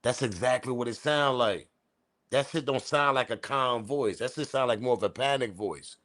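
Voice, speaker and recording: A man hosting a commentary channel, talking in a casual, slangy, animated way and repeating his points. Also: medium pitch, moderate pace. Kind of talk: casual commentary on audio clip.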